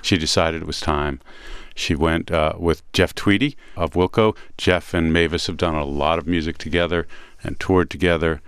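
A Brooklyn-accented man with a very low voice hosts a radio music chat. He tells stories in a relaxed, rambling manner with lots of pauses. His voice sits close and dry in a radio studio. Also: clean tone, dry recording. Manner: relaxed storytelling with frequent "uh" pauses. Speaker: radio host.

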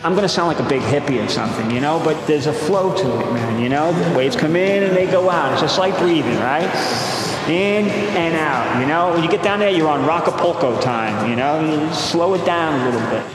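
Middle-aged Brooklyn man, easygoing surf instructor, booming echoey hall, music behind. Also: animated, brisk. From Brooklyn, New York. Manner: laid-back, chatty, many "you know"s. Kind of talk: interview storytelling.

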